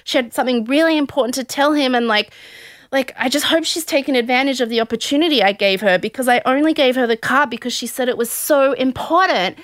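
A woman doing a flustered young woman, rambling fast. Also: high voice, a bit bright, no echo, clean studio sound. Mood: defensive.

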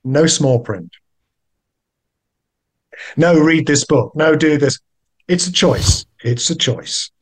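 An older man with a British accent, a guest actor chatting in a relaxed, wry, self-deprecating way. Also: slow, long pauses. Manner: genial, wry, self-deprecating, with lively pitch jumps. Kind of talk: relaxed podcast chat.

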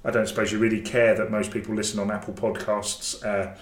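A man's voice: on the low side, level tone, a little fast. Jokey man hosting, roomy sound. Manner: jokey, chatty, rambling with restarts. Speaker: podcast host. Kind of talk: casual podcast chat. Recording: roomy echo, faint noise.

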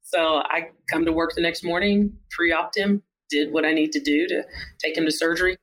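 Surgeon guest, casual storyteller, mid-pitched, lively retelling with voiced quotes. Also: normal speed, rough recording. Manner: animated, acts out quoted dialogue in the telling. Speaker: surgeon and author, podcast guest.

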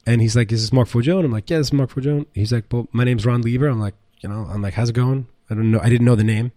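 A man's voice: mid-range voice, quick pace, no room sound, studio quality. A middle-aged man, a chef and restaurant owner, telling rambling stories in a casual interview, full of fillers and the odd curse. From United States. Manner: rambling, animated, swears, many fillers.

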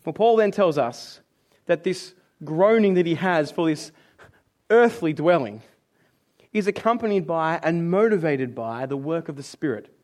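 High-voiced male preacher. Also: unhurried. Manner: animated, acts out complaining voices, drops low for scripture. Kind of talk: sermon.

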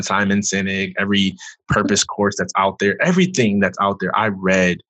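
A man, a former athlete and author, earnestly telling his personal story as a guest, loose and full of "like", turning loud when he acts out past outbursts. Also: sits low, slightly rough, no echo. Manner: earnest, loose, heavy use of "like".

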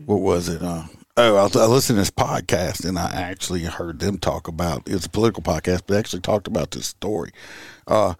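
A man's voice: low voice, a little fast, husky, no echo. A man co-hosts a casual podcast. He spins his police stories in a folksy, cussing way, full of "uh"s, and his voice sits dry and close to the mic. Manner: folksy, profane storytelling with many fillers. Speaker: podcast co-host, police officer.

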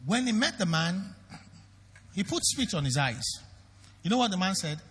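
A man's voice: sits high, big pitch swings, normal speed, breathy edge, long reverb tail. A Nigerian man preaching a sermon as pastor, emphatic and questioning the congregation directly.

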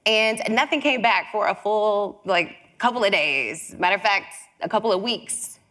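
Animated woman telling a story onstage. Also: mid-range voice, normal speed. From Chicago. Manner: animated, acts out quoted voices. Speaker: speaker giving a talk. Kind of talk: storytelling talk.

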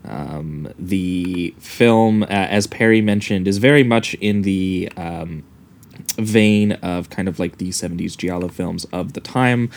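A man's voice: low voice, slow pace. A man hosting a casual podcast talk about films, speaking hesitantly with many fillers and restarts. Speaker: podcast host. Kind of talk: casual film discussion.

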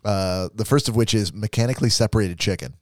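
A man's voice: on the low side, quick pace, no echo. A man co-hosting a podcast, reading out facts in a dry, jokey way. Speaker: podcast co-host. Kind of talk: reading facts in casual chat.

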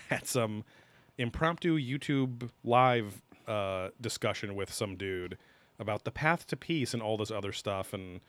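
A man co-hosting a podcast, chatting casually and meandering through his points with plenty of ums and the odd swear word. His voice sits on the low side. The recording is close and dry, with no room sound. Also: expressive, a little slow, a bit bright, dry recording. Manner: rambling, heavy with fillers and casual swearing. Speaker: podcast co-host. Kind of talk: casual chat.

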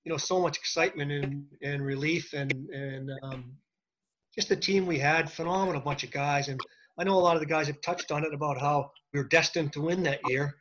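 A former hockey player reminiscing earnestly, halting over his words. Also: on the high side, steady tone, fairly bright tone. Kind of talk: casual reminiscing. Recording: dull, slightly noisy line.

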